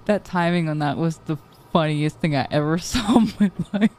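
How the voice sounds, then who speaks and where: A woman's voice: low-pitched, normal speed, darkish tone, a little hiss or hum. A young woman streamer chatting casually, telling rambling stories full of swearing. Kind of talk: casual chat.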